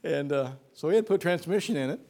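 A man's voice: fairly high pitch, lively intonation, fast, mellow. A man preaching a sermon, telling a folksy story and then building to fervent emphasis.

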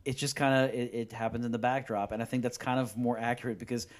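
A man's voice: medium pitch, level tone, quick pace. A man from New Orleans co-hosting a podcast, making dry remarks and telling anecdotes. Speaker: podcast co-host. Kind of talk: casual chat.

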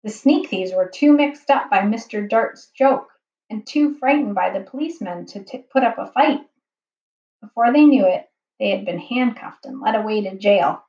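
A woman reading a children's book aloud slowly and carefully as the narrator. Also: medium pitch, a little mellow. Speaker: storyteller. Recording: dull, roomy home recording.

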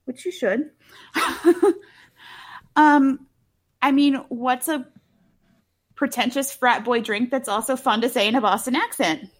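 A woman's voice: sits high, slow, long pauses. A woman co-hosting a casual true-crime podcast, talking bluntly with swearing and lots of filler words. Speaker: podcast co-host.

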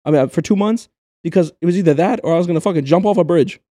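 A young man co-hosting a podcast, telling a work story in casual chat, animated and swearing freely. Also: high voice, rapid-fire, no room sound. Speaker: podcast co-host.

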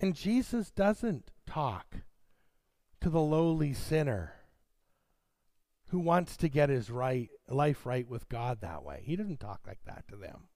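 A man's voice: medium pitch, sing-song, slow, warm tone, no room sound. A man preaching a sermon, reading scripture dramatically and addressing his congregation directly.

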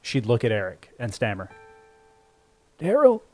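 Man narrating a story over soft music. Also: mid-range voice. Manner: measured, even storytelling. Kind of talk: scripted audiobook narration. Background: faint music score.

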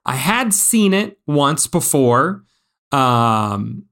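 A man's voice: mid-range voice, very animated, drawn-out words, a bit bright, clean tone. A man co-hosting a podcast, chatting casually and animatedly, with plenty of fillers. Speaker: podcast co-host. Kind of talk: casual chat.

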